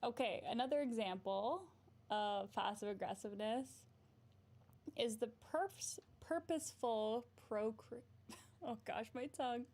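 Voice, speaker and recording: A woman's voice: on the high side, a little slow, a little mellow. A woman therapist hosting a casual livestream, chatting in a bubbly way, often giggling and answering her viewers' comments.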